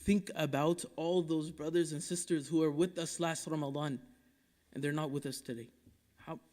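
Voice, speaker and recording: High-voiced imam preaching in an echoing mosque. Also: male voice, fairly even intonation. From Dallas, Texas. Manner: impassioned, rhetorical, swinging between loud urging and hushed asides; recites Quranic Arabic quickly between English explanation. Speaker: imam giving the Friday sermon. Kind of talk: Friday sermon. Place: mosque prayer hall. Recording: long reverb of a mosque hall.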